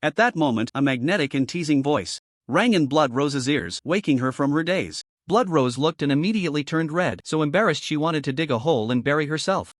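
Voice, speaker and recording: A male narrator reading a fantasy recap with an animated, dramatic delivery. His voice sits a bit high and swings widely in pitch. The recording is dry and close. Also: no echo.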